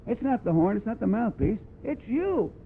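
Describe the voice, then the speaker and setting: A man's voice: high voice, big pitch swings, moderate pace, vocal fry. A man giving a brass clinic in a plainspoken, wry way, scatting phrases to demonstrate. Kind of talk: blunt, conversational teaching talk. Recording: tinny lo-fi archival tape with faint hiss.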